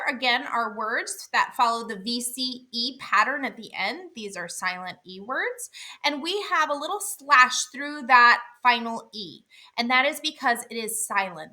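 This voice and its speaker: Female phonics teacher, higher-pitched and bright, clear and deliberate delivery. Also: animated. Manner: clear, deliberate, sounds out letters. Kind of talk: instructional explanation.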